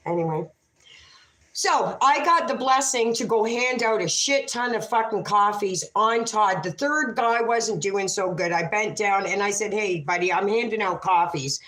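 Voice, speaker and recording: A woman's voice: fairly high pitch, measured pace, few pauses, sharp tone. Brash, profane Canadian woman host, storytelling live in an echoey room. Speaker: livestream host. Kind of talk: casual storytelling livestream.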